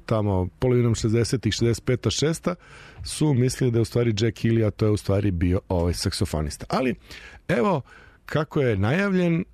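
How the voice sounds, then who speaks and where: A man's voice: mid-range voice, big pitch swings, fast, a little mellow, no room sound. A man hosting a music radio show, chatting casually about songs and their versions.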